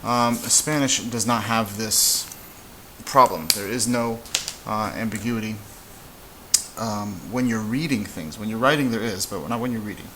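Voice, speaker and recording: Male language teacher, relaxed and halting at the board, slightly low voice, light hiss behind. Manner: relaxed, halting, with many fillers and restarts. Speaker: Spanish teacher. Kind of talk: casual whiteboard lesson.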